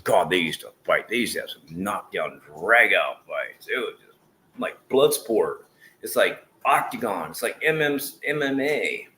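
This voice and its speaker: A man's voice: fairly low pitch, animated, measured pace. A middle-aged man rambling casually on a livestream, swearing now and then. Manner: rambling, swears casually, shifts into loud scolding and prayer. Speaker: vlogger livestreaming with his dogs.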